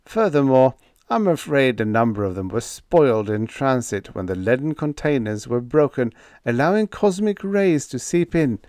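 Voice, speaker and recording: A man's voice: medium pitch, big pitch swings, normal speed, a little mellow, no echo, studio quality, voice pushed up, lightly acted. A man voicing a meek, mild-mannered young spaceship officer who talks blandly and stammers when flustered, in an audiobook. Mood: sorrowful. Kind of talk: audiobook character voice.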